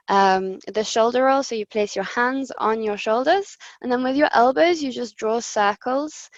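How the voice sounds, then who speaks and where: A woman's voice: medium pitch, vocal fry, no echo, muffled recording. A woman presenter leading voice and breathing exercises on a video call, giving friendly step-by-step instructions with many ums. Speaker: voice coach presenter. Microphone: computer mic on video call.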